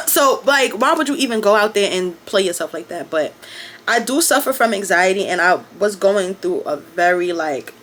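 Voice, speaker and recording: A young woman rattles through a casual storytime, sprinkling "like" and swear words everywhere. Her pitch sits in an ordinary middle range. A faint hiss hangs behind the recording. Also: expressive, a bit bright. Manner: rapid, profane, filler-heavy storytelling with acted quotes. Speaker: vlogger.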